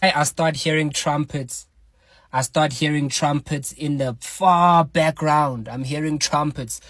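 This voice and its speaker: A man telling a personal story in a casual, slangy, animated way, swearing often. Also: a little high, a little slow, dry recording. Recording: loud music under the voice.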